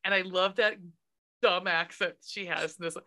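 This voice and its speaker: Bright-voiced woman chatting casually. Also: lowish voice, fairly even intonation, normal speed. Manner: chatty, swears casually, laughs often. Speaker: podcast co-host. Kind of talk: casual movie recap chat.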